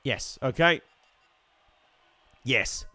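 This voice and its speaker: A man giving wry, chatty live commentary while playing a racing game, swearing and reacting loudly to the action. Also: medium pitch, lively intonation, very slow, no echo. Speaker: streamer.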